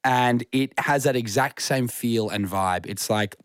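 A young adult man with an Australian accent, co-hosting a casual radio show and chatting in a relaxed, rambling way. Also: mid-range voice, measured pace, clear, resonant tone, dry recording, studio quality. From Western Australia. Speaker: radio host.

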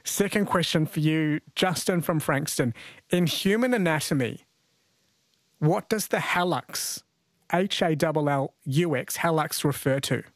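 A man hosting a call-in radio quiz, chatty and playful, often laughing with callers. His voice is a touch high for a man. The studio sound is dry and close. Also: unhurried, dry recording. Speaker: radio host.

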